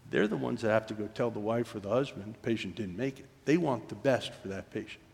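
A man's voice: lowish voice, brisk, gravelly, darkish tone. Preaching man in a reverberant church. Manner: storytelling, drops to near-whisper for quoted moments. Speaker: pastor. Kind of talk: sermon. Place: church sanctuary.

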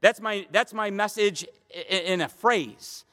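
Male pastor, sermon, emphatic, bright tense voice, long hall echo. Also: high voice, a little slow. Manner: emphatic, swings between loud and hushed.

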